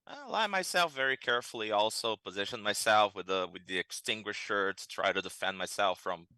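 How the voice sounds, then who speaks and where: A man playing a tabletop role-playing game, talking in a lively, nervous, hesitant way. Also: lowish voice, fairly quick, clear, resonant tone, dry recording, low-quality recording. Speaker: player. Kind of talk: tabletop role-play, in character.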